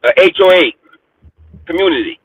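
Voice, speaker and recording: A man's voice: high voice, lively intonation, normal speed, recorded from a distance, lo-fi sound. A man co-hosting a morning show who keeps cutting in with questions and jokes. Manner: insistent, cutting in again and again. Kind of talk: comedic morning-show banter.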